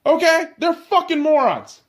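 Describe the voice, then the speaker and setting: A young man with a high-pitched voice tells a travel story on his own podcast. He talks casually and bluntly, and he swears constantly as he rants. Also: very animated, moderate pace. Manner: profane, blunt, ranting. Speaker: podcast host.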